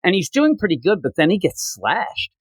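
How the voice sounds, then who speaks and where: A man's voice: sits high, huge pitch swings, moderate pace, dry recording. A man co-hosting a podcast, casually retelling comic book scenes and acting out the characters' lines. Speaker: podcast co-host.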